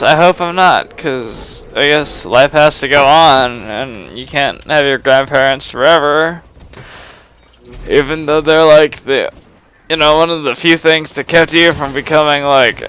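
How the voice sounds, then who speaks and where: Slow-talking, tipsy teenage guy rambling. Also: a little high, bright, forceful tone, clean tone. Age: late teens. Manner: rambling, profane, laughs and sighs between phrases. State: tipsy from drinking. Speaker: gamer recording a personal vlog. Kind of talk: rambling confessional monologue.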